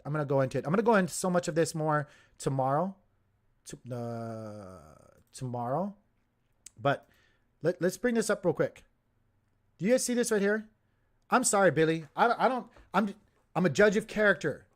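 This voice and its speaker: A man hosting a crypto livestream, talking in a heated, emphatic way and repeating himself as he gets worked up. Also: on the high side.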